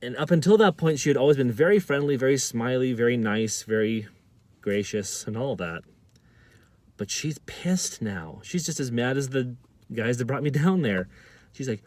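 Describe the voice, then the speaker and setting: A man's voice: medium pitch, expressive, normal speed, a little mellow, no echo. A man vlogger telling a personal story to camera, often stammering and repeating words.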